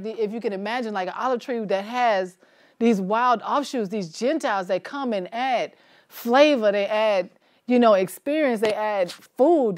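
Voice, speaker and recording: A woman leading a church Bible study in a relaxed, conversational way, asking the group questions and laughing easily. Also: a little high.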